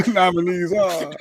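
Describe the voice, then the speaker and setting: Slow-talking, laid-back male co-host. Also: sits high, background noise. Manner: laid-back, laughing asides. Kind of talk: casual morning show banter.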